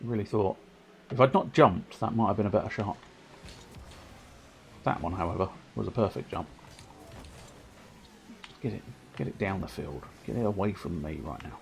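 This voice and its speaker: A man giving excitable, self-mocking running commentary on his own gameplay while streaming, sometimes turned away from his microphone. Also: sits low, moderate pace, creaky, long pauses, a little hiss or hum. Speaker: livestreamer. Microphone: desk microphone, sometimes turned away.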